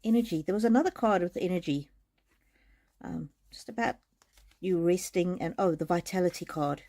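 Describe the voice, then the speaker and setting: A woman giving a live-streamed oracle card reading, speaking gently and haltingly, moved to emotion and laughing often. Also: lowish voice. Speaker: tarot and oracle card reader. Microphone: streaming mic.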